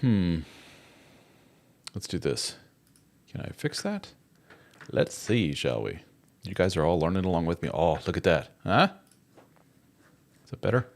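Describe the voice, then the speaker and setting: Deep-voiced chatty man hosting a live stream. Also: very animated, measured pace, long pauses. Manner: chatty, jokey, reads viewer comments aloud. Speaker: host of a live chat show. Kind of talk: casual live-stream chat.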